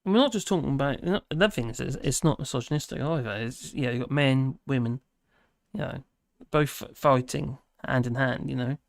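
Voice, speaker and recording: A man chats casually on a livestream, reading viewer comments and wandering off with plenty of fillers and restarts. His voice has a gravelly edge. The sound is dry and close, with almost no room echo. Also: mid-range voice. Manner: rambling, halting, many fillers and restarts. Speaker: livestream host.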